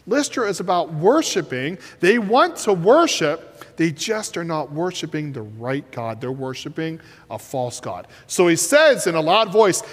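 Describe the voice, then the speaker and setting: Animated man preaching in a hall. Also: high voice. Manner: animated preaching, shouting and whispering for effect. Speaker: pastor. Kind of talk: sermon. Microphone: headset mic. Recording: reverberant hall.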